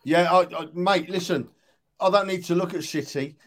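A man's voice: high-pitched, normal speed. A man co-hosting a football podcast, teasing his friends and making his points emphatically. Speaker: podcast co-host. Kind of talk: casual football chat.

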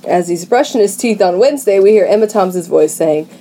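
A woman's voice: mid-range voice, lively intonation, a little fast, warm tone. A woman co-hosting a podcast, retelling a film plot in casual chat and laughing between lines. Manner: chatty storyteller who laughs between lines. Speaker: podcast co-host.

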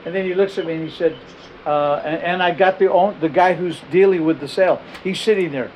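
Animated middle-aged male pastor, slightly high. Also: fairly quick, a little hiss or hum, low-quality recording. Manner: animated, repeats and restarts phrases. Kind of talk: storytelling sermon.

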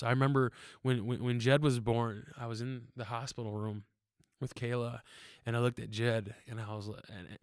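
A young man giving a casual church testimony about his wife and sons, earnest and halting, with many fillers and restarts. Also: medium pitch, no room sound, studio quality. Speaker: church member sharing testimony.

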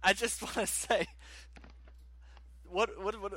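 A man co-hosting a podcast, chatting casually about sports with animated, ranting opinions. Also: high-pitched, slow. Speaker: podcast co-host.

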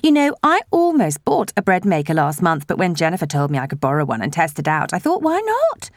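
A woman's voice: lowish voice, huge pitch swings, fairly quick, no echo, studio quality. A woman voicing a chatty, nosy middle-aged village woman who gushes in breathless chatter, in an audiobook. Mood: gushing. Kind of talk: audiobook character voice.

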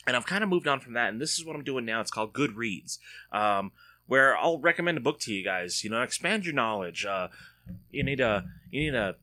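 A man hosts his podcast from home in a loose, chatty way. He rambles and jokes, restarts sentences, and his voice swings widely in pitch. The tone is bright and forceful. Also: expressive, fairly quick. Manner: rambling and joking, with frequent restarts. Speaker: podcast host. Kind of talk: casual solo podcast chat.

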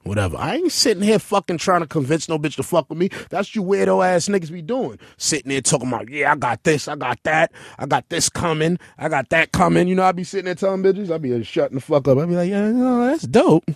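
A man hosting a casual chat, talking in a brash, profane way and jumping into high-pitched outbursts while telling stories. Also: lively intonation, quick pace, few pauses, no room sound, clean studio sound.

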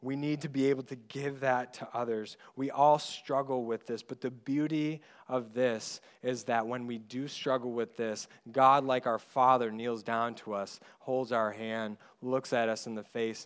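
A male pastor preaching a sermon in an earnest way, growing loud on key points and going soft and slow on tender ones. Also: medium pitch, steady tone, clean tone.

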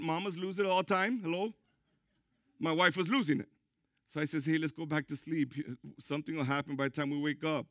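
A middle-aged man preaching a sermon in a gravelly, fairly high voice. He drives his points home with sudden loud, high bursts. The sound is dry and close. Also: no echo. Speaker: pastor.

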